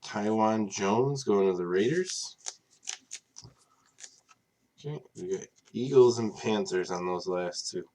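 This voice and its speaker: A man's voice: on the low side, slow, long pauses, slight background noise. A man hosting a live card break stream, reading off players and teams in a casual, tired way, apologizing for yawning late at night. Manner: reads off names in a steady list.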